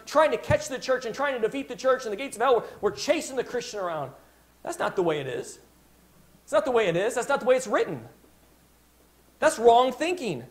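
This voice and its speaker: A man preaching a sermon as pastor, emphatic, stopping to restart phrases and asking his congregation "Amen?". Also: very high-pitched.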